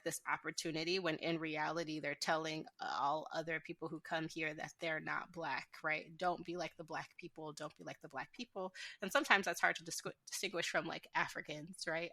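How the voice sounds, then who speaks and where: A woman's voice: deep voice, sharp tone, no echo, clean studio sound. A woman hosting a podcast in casual conversation, rambling with lots of "like" and restarts. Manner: rambling, many "like" fillers and restarts. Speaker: podcast host.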